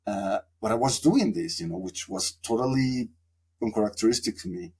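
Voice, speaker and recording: A fairly low, slightly mellow voice with a breathy edge, at normal speed, belongs to a man from Mexico. As a podcast guest in a casual interview, he shares a long, reflective story, drifting along with many fillers.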